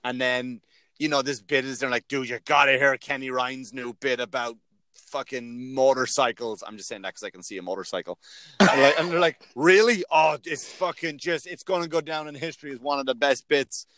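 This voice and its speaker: A man's voice: mid-range voice, fairly quick, fairly bright tone, dry recording. A man who is a comedian and podcast host, talking in a rambling, self-mocking way and swearing often in casual chat.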